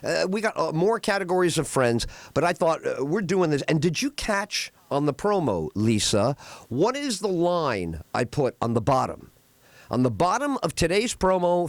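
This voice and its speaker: Emotional, rambling New radio host. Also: male voice, a little high, no room sound. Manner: emotional, rambling storytelling with restarts. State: tearing up. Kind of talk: casual talk radio monologue.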